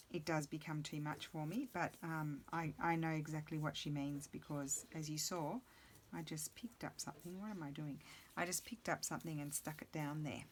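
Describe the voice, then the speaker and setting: A woman's voice: deep voice, a bit bright, a little hiss or hum. A middle-aged woman chatting casually and rambling to herself while she crafts at her table. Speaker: crafting video host.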